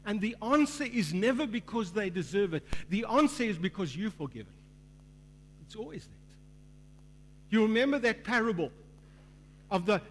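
A male pastor preaching a sermon with growing fervor, acting out the voices in a parable he tells. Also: high-pitched. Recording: long hall reverb, faint mains hum.

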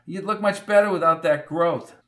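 A chatty, folksy older woman at a motel desk, as a man puts her on, her voice pitched well above his own. She rambles easily and drawls her directions. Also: normal speed, a bit bright, lightly acted.

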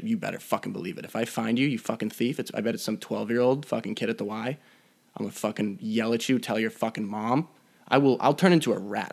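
A man's voice: fairly low pitch, gravelly. A young man hosting a podcast alone, rambling in a profane, mock-threatening way. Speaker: podcast host. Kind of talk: casual solo podcast rant. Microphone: podcast mic.

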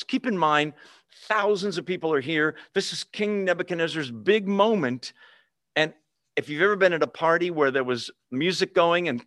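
A man's voice: on the high side, fairly bright tone, no room sound, clean studio sound. A man teaching a Bible lesson in a conversational way, often checking in with his listeners.

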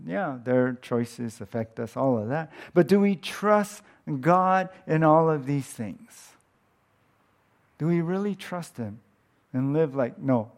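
A man preaching a sermon as pastor, in a conversational way, asking his listeners questions and letting phrase ends drop off softly. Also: on the high side.

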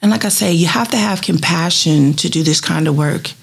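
Speaking a little fast in a fairly low, gravelly voice with a breathy edge, this woman in her fifties, a street cleaning supervisor, shares heartfelt stories from her job in a profile interview. She's earnest and retells dialogue in a lively way.

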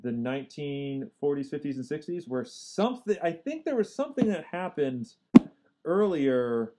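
A woman's voice: low voice, sing-song, moderate pace, dark tone. A woman co-hosting a casual movie review chat, repeating words as she builds her points. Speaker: podcast co-host.

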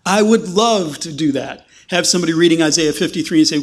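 Man, high voice, pastor, sermon, emphatic slow stresses, quick asides. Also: animated.

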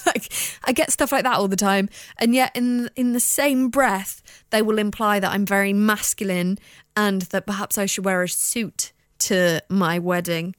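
A woman's voice: mid-range voice, steady tone, a little slow, clean tone, no room sound, clean studio sound. Blunt, sweary woman host. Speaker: podcast and radio host. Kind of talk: casual chat. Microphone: studio microphone.

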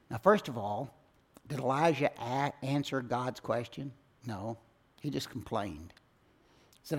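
A man preaching a sermon, swinging from loud emphatic lines to hushed, low phrase endings. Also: measured pace, pauses often, breathy edge. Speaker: pastor.

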